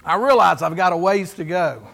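A man preaching from the pulpit, his voice pitched very high and ringing bright. He tells stories in animated bursts and acts out each conversation. A long reverb from the church hall trails every phrase. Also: normal speed, gravelly. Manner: storytelling, animated, acts out dialogue. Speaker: pastor. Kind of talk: sermon. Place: church sanctuary.

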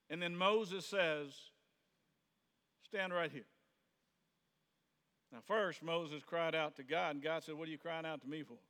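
A male pastor gives a sermon in a church sanctuary, talking to his congregation in a loose, conversational way. His voice is bright and a little high, and he slips into the voices of the people in his stories. A long reverb from the hall trails behind his words. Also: smooth. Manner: conversational, plays out quoted voices, rises to sudden shouts.

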